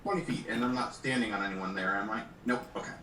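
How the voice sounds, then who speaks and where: A man's voice: on the low side, quick pace, sharp tone, a little hiss or hum. A man playing a tabletop game, working through his turn methodically and thinking aloud. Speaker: player. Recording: echoey room, far from the mic.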